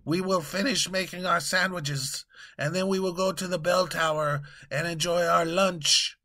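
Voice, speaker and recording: A man's voice: sits high, steady tone, a little slow, full character voice. A man voicing a blustering pompous king. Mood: scheming. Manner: blustery, commanding, prone to yelling. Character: pompous gluttonous male king, bossy.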